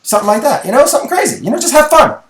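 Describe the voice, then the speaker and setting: A middle-aged man co-hosting a podcast, telling a story in casual, animated chat. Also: very high voice, very fast. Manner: animated storyteller, acts out voices in anecdotes. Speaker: podcast co-host. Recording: echoey room.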